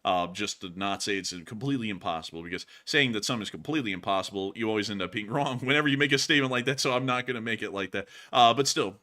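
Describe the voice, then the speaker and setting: Man, livestream host, excitable, laughs often, bright voice. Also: on the low side, rapid-fire, few pauses. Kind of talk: casual livestream chat.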